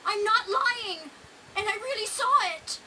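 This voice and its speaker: A woman voicing a grieving young boy in a video game cutscene, frightened but insistent, often speaking in a hushed, half-whispered way. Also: very high voice, unhurried, recorded from a distance, noisy background.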